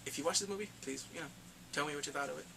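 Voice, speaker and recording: A man giving a casual spoken movie review, retelling the plot excitedly and acting out the characters' lines. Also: fairly high pitch, very fast, gravelly, a little hiss or hum.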